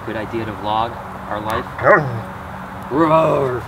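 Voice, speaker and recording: A middle-aged man talking casually to camera as a vlogger host, chatty and excitable, calling his viewers guys. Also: medium pitch, moderate pace, background noise. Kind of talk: casual vlog talk to camera.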